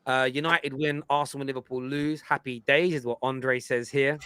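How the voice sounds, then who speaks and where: A man's voice: medium pitch, moderate pace, clear, resonant tone. A man hosting a football fan show, explaining his points emphatically and at length in casual chat. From England. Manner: emphatic, lecturing, animated.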